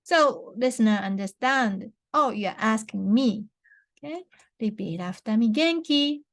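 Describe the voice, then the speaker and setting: A young woman with a Japanese accent teaching a beginner language lesson, saying words slowly and clearly for repetition, with frequent restarts. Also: mid-range voice, a bit bright, dry recording, clean studio sound. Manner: slow, careful model pronunciations with many restarts.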